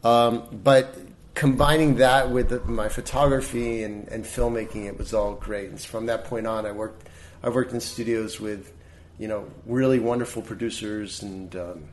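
A middle-aged man, a guest in a casual interview, telling stories in an animated way with many restarts. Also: fairly low pitch, moderate pace, slight background noise.

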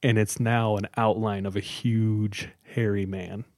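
A man hosting a podcast, casually telling a scary story with dramatic pauses and lots of "like.". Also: lowish voice. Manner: relaxed, dramatic pauses, many "like"s.

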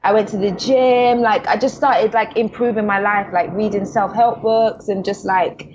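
A woman's voice: medium pitch, steady tone, normal speed, noisy background. Young South London woman, podcast guest, candid and slangy, muffled lo-fi sound. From England. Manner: candid, talks with slang and many fillers. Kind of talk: casual chat.

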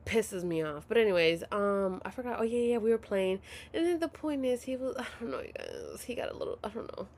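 Woman in her 30s spilling a story to the camera, dramatic, swears a lot, whispers sometimes, mid-pitched voice. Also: fairly quick. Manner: animated, dramatic, profane, drops into whispers. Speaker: vlogger telling a story. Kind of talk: casual storytime chat.

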